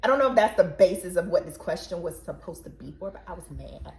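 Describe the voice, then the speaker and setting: Animated chatty woman in echoey room. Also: lowish voice, quick pace. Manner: animated, rambling storyteller. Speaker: co-host of a book channel. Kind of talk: casual book chat.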